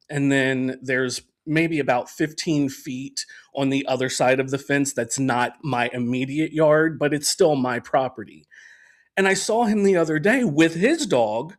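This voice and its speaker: A man hosting a podcast in casual chat, rambling with many fillers and laughing easily. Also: fairly high pitch. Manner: rambling and conversational, with frequent fillers and restarts; laughs easily between remarks. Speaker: podcast host.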